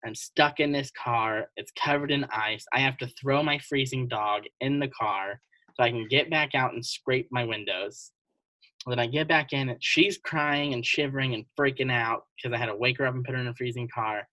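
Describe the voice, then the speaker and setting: A podcast co-host telling personal stories in casual chat, animated and laughing often. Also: mid-range voice, moderate pace, no echo, low-quality recording.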